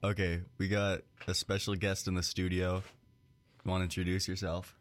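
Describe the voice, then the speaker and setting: A young man hosts a casual radio show from a small studio, with a very deep voice. He jokes around and teases his guest in a loose, chatty way. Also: flat delivery, moderate pace, soft background music. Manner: joking, teasing.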